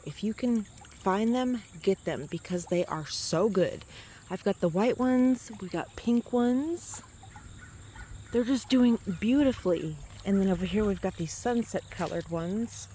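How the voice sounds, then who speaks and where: With the camera in hand, a woman vlogger shows off her outdoor garden in rambling, casual talk, correcting herself now and then. Her mid-range voice has a dark tone, and slight background noise is audible.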